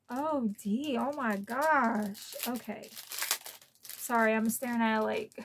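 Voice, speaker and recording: A woman's voice: on the high side, slight background noise. A woman from Florida opening gifts in an unboxing vlog, gushing and emotional, easily moved to tears. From Florida, USA. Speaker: collector vlogger.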